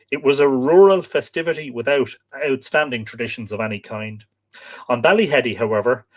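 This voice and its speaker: Irish man, live stream host, reads aloud, spells names, chats with viewers, middle pitch. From Ireland. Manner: spells out place names letter by letter, chatty asides to viewers. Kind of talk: live-stream book reading with asides.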